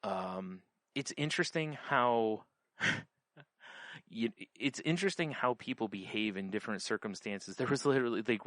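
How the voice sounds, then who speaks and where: A man's voice: lowish voice, a bit bright, no echo. A man co-hosting a podcast, telling a story in casual chat, rambling with lots of fillers and restarts. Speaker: podcast co-host.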